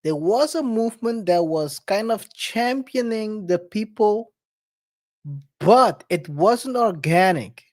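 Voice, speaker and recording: A man co-hosting a podcast, chatting in an animated way with quick restarts and shout-outs. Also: sits high. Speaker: co-host. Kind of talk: casual podcast chat.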